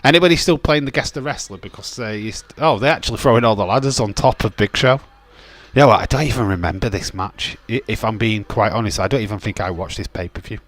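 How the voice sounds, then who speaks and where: Talking fast with few pauses, a young man with a lowish, fairly bright voice hosts a wrestling watch-along. The live-stream commentary is casual and chatty; he rambles, swears, laughs, and reads the chat aloud.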